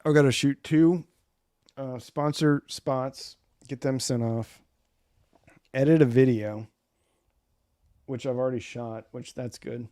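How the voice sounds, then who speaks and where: A man's voice: medium pitch, steady tone, slow, long pauses, dark tone, no room sound. Casual male live-stream host, forties, rambling chat, dry close sound. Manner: rambling, reads viewer comments aloud.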